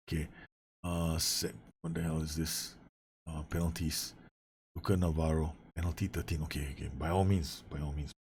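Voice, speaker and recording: Low and darkish with a breathy edge, this man's voice carries casual Let's Play commentary on a football management game. The gaming YouTuber talks to his squad, cursing and laughing as the match shifts.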